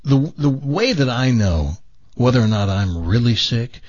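A man's voice: medium pitch, animated, unhurried, a little mellow, no echo, lo-fi sound. A man co-hosting a casual chat who jumps in with teasing jokes. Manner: teasing, joking interjections.

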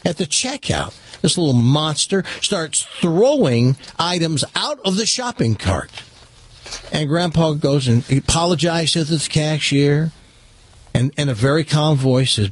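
A man hosting a radio talk show, telling a long joke in a lively, animated way. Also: fairly high pitch, unhurried, slightly rough. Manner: lively storyteller, animated delivery. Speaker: radio host.

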